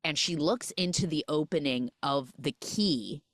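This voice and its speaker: A woman's voice: low voice, unhurried, dry recording, studio quality. A woman hosting a podcast, retelling a film's plot in a chatty, casual way full of "like". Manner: chatty, lots of "like", animated retelling. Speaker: podcast host. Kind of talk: casual film recap chat.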